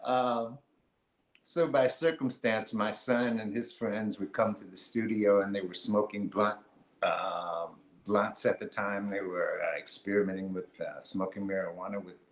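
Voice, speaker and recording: A man hosting a casual livestream chat, telling stories in a relaxed, rambling way with lots of fillers. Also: fairly low pitch, a little slow, echoey room, a little hiss or hum, low-quality recording. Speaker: show host.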